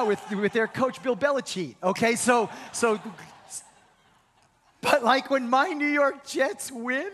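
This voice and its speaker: Guy preaching a sermon, high pitched, lots of ups and downs, long echo from a big church. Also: slow pace. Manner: animated storytelling with big pitch swings, dropping to a soft hush for comforting lines. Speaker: pastor. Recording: long reverb of a large hall.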